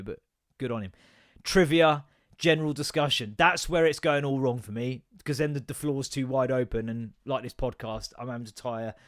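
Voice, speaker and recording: A man in his thirties hosting a solo comedy podcast, ranting and swearing with self-mocking asides. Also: mid-range voice.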